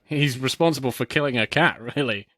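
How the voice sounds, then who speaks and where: A man co-hosting a podcast, chatting casually about a film, halting often with restarts and short laughs. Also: medium pitch, a bit bright, dry recording. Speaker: podcast co-host.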